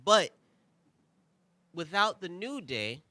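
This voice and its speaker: A young man with a fairly high, bright voice that swings widely as he talks. He hosts a review show in a casual, opinionated ramble, tossing in quick asides and rhetorical questions. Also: dry recording. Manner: animated, rambling, conversational asides. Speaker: podcast host.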